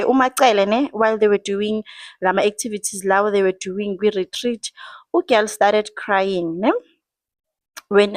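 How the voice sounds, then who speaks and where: A South African woman giving chatty, expressive gossip commentary to her viewers, switching between Zulu and English. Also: on the high side, no echo. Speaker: entertainment gossip vlogger.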